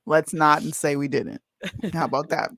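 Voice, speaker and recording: A woman's voice: sits low, unhurried, fairly bright tone, no echo, studio quality. A woman co-hosting a casual livestream chat, playful and prone to sudden squeals. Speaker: co-host.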